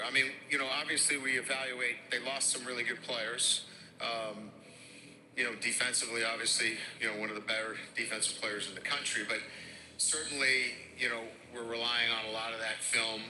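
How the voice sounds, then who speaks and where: A middle-aged man, a head football coach with a Boston and Midwestern accent, answering press conference questions in a halting way with many fillers. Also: medium pitch, little pitch movement, noisy background. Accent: Boston and Midwestern with some Louisiana. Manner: halting, heavy on fillers and restarts.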